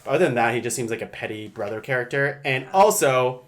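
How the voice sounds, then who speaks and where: A podcast host in casual movie chat, animated and laughing often, breaking into silly mock voices. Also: mid-range voice, quick pace.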